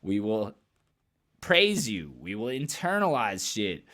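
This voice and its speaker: A man's voice: lowish voice, wildly swooping pitch, slow, a bit bright. A man giving blunt, emphatic commentary in a casual vlog, swearing freely and repeating phrases as he builds his point. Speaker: commentary vlogger.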